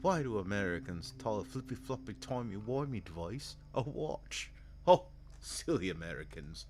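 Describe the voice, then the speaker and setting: A man's voice: on the low side, lively intonation, normal speed, a little mellow, slight background noise, close to an everyday voice. A man voicing a smug, self-satisfied English narrator in a mocking, sing-song way.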